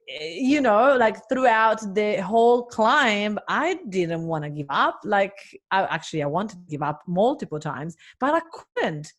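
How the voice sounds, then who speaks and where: A woman business coach talking casually to viewers, telling a chatty story with laughs and fillers. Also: mid-range voice. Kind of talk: casual live talk to viewers.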